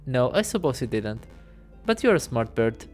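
A man voicing a sly male fox detective who poses as a prince, speaking smoothly, quietly and theatrically. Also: mid-range voice, big pitch swings, moderate pace, faint music behind, natural voice. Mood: musing.

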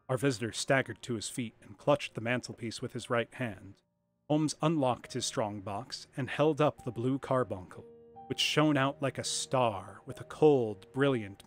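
A man reading a classic story aloud on a live stream in a lively, expressive way. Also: mid-range voice, a little slow, soft background music.

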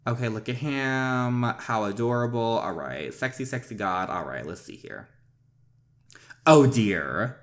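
A gaming channel host with an unhurried mid-range voice leads a story game playthrough. He reads along playfully, chatting with frequent laughter and asides.

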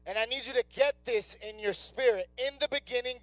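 A young youth pastor preaches in a church sanctuary in a very high voice, fast, very animated and with hardly any pauses. Conversational in style, he acts out the inner voices of people's doubts, with faint music behind and no room sound.

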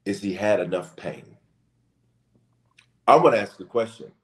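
A bishop preaching with impassioned, rising emphasis in a casual church talk. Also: male voice, lowish voice, expressive, a little slow, reverberant.

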